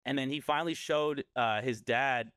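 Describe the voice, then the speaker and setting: A man's voice: medium pitch, moderate pace, a bit bright, smooth, no echo, clean studio sound. A man casually telling a scary story on a podcast, rambling and often correcting himself.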